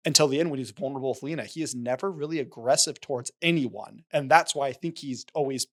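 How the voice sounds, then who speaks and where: A man's voice: mid-range voice, fast talker. A man co-hosting a podcast, talking casually about a film and acting out lines from its scenes. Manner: animated, retells scenes with quoted lines. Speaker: podcast co-host.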